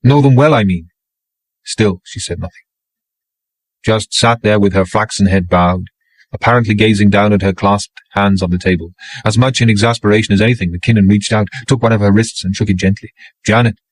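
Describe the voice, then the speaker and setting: Male audiobook narrator, measured, low pitch, dry close sound. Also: steady tone, no echo, rough recording. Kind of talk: scripted narration.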